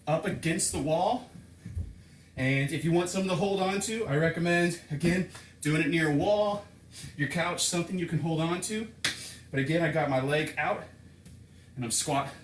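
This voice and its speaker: A man's voice: a little high, fairly bright tone, slight background noise. A man coaching a home workout, counting reps and explaining exercises, a bit out of breath as he works out along. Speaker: fitness coach. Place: home room with table and couch. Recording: echoey room, distant mic.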